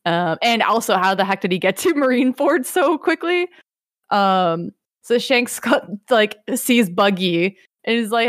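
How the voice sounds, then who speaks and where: A woman recapping an anime in casual podcast chat, rambling and animated with lots of fillers. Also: medium pitch, unhurried, no echo, clean studio sound. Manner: rambling, animated, many fillers, laughs easily.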